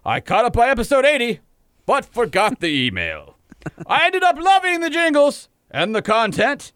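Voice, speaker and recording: Guy doing a loud pompous southern rooster gent, big drawl, swoops way up high. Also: huge pitch swings, normal speed, clear, resonant tone, no echo, studio quality, heavily acted. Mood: blustery. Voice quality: booming, drawling, overly formal. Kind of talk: reading a listener email in a put-on voice.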